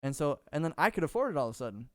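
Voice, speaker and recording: A man's voice: a little high, very animated, rapid-fire, a bit bright, no room sound, studio quality. A young man from Minnesota co-hosting a podcast, telling stories in a rambling, casual way and swearing freely. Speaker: podcast co-host. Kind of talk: casual chat.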